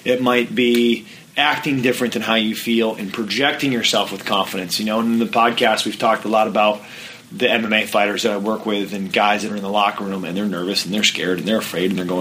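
A man hosting a podcast, talking as a mental game coach in an energetic, emphatic, plain-spoken way. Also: fairly low pitch, fairly quick, a little hiss or hum, rough recording. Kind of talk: motivational coaching talk.

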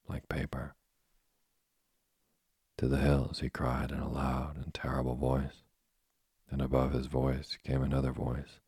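A man narrating a storybook in a steady, measured reading. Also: rumbling low, creaky, slightly rough, no echo, studio quality. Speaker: audiobook narrator.

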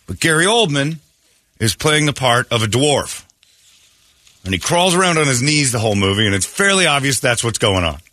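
A man's voice: mid-range voice, normal speed, dry recording. A man hosting a morning radio show, telling a story in casual banter with frequent laughs. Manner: animated storytelling, laughing often. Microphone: studio mic.

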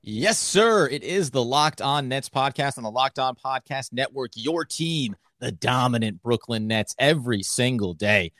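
A man's voice: mid-range voice, expressive, unhurried, hardly any pauses, a bit bright, dry recording. A man co-hosting a casual sports podcast, with upbeat, hype-style delivery. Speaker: podcast co-host.

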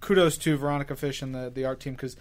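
A man from New York co-hosting a comics podcast, talking in a rambling, hesitant, excitable way. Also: medium pitch, quick pace. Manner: rambling, hesitant, many fillers and restarts. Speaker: podcast co-host. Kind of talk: casual chat about comics.

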